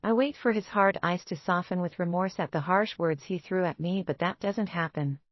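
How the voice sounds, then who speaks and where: Low-voiced woman narrating a romance novel. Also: moderate pace, no echo, dull audio. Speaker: audiobook narrator.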